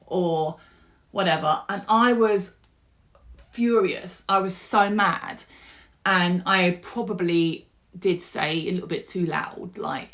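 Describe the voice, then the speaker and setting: A middle-aged woman, telling a personal story to camera in a chatty, animated way. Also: lowish voice. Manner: animated, chatty, with fillers and restarts. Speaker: vlogger.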